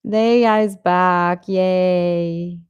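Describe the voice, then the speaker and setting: Young woman hosting a fan livestream, slow-talking, laughs a lot, dry close mic. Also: on the low side, fairly even intonation, darkish tone, clear, resonant tone, dry recording, muffled recording. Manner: chatty, laughing often, exasperated rants. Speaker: livestream host reading chat. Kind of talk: casual chat.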